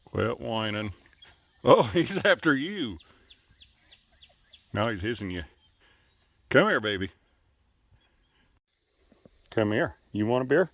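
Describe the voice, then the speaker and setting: A man's voice: medium pitch, very animated, slow pace, pauses often, fairly bright tone, no room sound. A man chatting playfully to his pets outdoors by a river, teasing, coaxing and laughing often. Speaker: pet owner filming his animals. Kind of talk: casual talk to pets.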